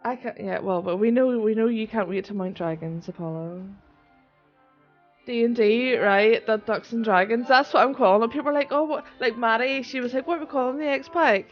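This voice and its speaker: A young woman from Northern Ireland with a Northern Irish accent, chatting casually and excitably on a live stream and swearing often. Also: fairly high pitch, normal speed. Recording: dull lo-fi stream audio with soft music. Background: soft music.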